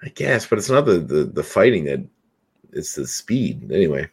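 A man co-hosting a casual podcast chat, tossing out quick guesses and grumbling playfully. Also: low voice, sing-song, creaky, a little mellow, husky. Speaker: podcast co-host.

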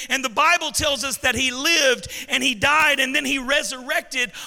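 A very high, piercingly bright male voice leads an emphatic call-and-response sermon. The pastor calls out to his congregation, who repeat his lines back, and his words echo with a long reverb across a large church hall.

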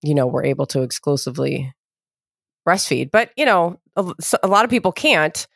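A young adult woman hosting a casual chat, telling her own story with lively acted-out exchanges and many fillers. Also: deep voice, moderate pace, gravelly, no echo, studio quality. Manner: animated, acts out remembered exchanges, hesitant fillers. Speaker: podcast host.

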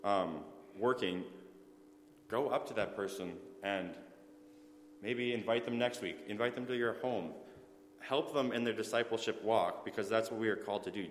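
A man's voice: fairly low pitch, echoey room, in a large hall. A man giving an earnest sermon in a church, stopping now and then for fillers and self-corrections. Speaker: preacher.

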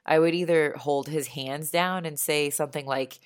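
Low-pitched mom in her 30s, calm and earnest, just chatting about parenting. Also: moderate pace, clean tone. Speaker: parent sharing advice. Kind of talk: casual spoken monologue.

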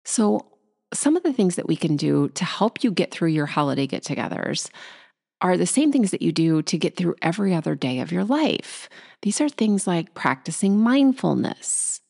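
A woman hosting a solo podcast about anxiety, talking quickly and acting out anxious inner thoughts. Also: fairly low pitch, sing-song, gravelly, a little mellow. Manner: fast, tumbling, acts out anxious inner voices. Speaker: podcast host.

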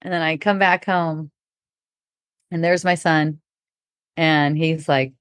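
Middle-aged woman, low voice, casual storytelling, laughs often, dry close sound. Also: slow, pauses often, smooth, dry recording. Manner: relaxed, laughing often, acting out quoted talk. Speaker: podcast speaker.

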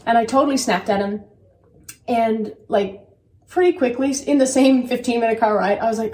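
A mother telling candid stories about parenting in an earnest, animated way as a guest. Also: fairly high pitch, moderate pace, far from the mic, slight background noise. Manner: earnest, animated, quotes herself. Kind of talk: candid conversational storytelling. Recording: echoey room, voice from off-mic.

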